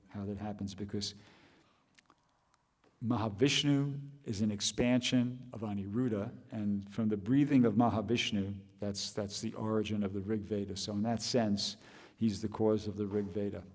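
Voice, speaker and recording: A man's voice: lowish voice, a little mellow, long reverb tail. A man giving a scripture class, thinking aloud with restarts and rhetorical questions.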